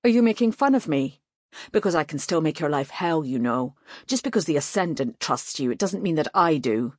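A sneering, hot-tempered male mage voiced by a woman narrator in a storybook reading, snapping out scornful demands at a brisk pace. The voice is a little louder than the narration and sounds dry and close. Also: low-pitched, animated, breathy edge, dry recording, voice pushed down. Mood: threatening.

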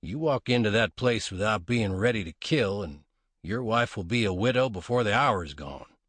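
A man's voice: fairly low pitch, animated, moderate pace, fairly bright tone, husky, no echo. Man doing a drawling, sly gunman. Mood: blunt. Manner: drawling, dry, cocky. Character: laconic sly frontier gunman, male adult.

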